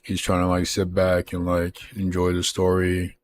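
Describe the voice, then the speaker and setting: A man's voice: low-pitched, monotone, normal speed, a little hiss or hum. A male streamer chatting casually in a rambling, filler-heavy way while eating. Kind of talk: casual live-stream chat.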